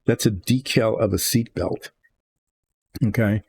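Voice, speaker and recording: A man's voice: lowish voice, steady tone, measured pace, a little mellow, slight background noise. An older man painting a model kit and thinking aloud as he works, musing and rambling with small restarts. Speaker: miniature painter. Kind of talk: relaxed narration while painting.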